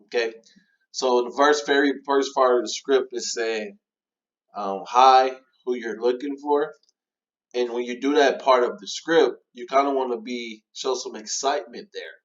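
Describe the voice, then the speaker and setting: A man giving a relaxed, casual walkthrough of a cold-call script, with many fillers as he coaches callers. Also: mid-range voice, moderate pace, highs cut off. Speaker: real estate trainer.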